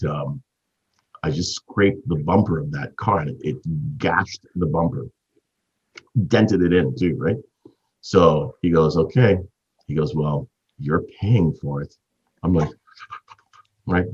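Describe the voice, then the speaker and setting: A man in his fifties from Canada, hosting and telling a business story as an animated storyteller with a husky voice. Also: dull audio. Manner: animated storyteller, big swings in pitch. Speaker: host.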